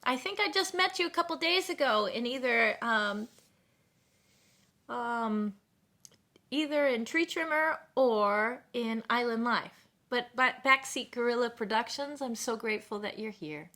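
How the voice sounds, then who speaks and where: A woman talks casually to her live stream viewers in a loose, rambling way and thanks them again and again. Her voice is very bright and clear in tone. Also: a little high, animated, a little slow.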